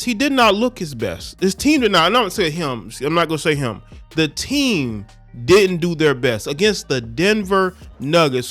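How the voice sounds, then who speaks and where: A man's voice: medium pitch, a bit bright. A man hosting a commentary channel, talking in a casual, conversational way with fillers.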